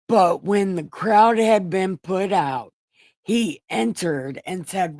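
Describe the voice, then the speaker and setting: A woman's voice: fairly low pitch, animated, slow pace, a little mellow, no room sound. A woman hosting a show, retelling Bible stories in a casual, irreverent way with profane, sarcastic asides. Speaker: host reading scripture.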